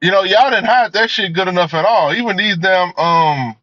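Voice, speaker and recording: A man's voice: sits high, moderate pace, pushed and bright, no room sound. A man giving a profane, emphatic rant as a movie reviewer, filling his talk with "man" and "you know.". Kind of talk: ranting commentary. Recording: dull lo-fi audio.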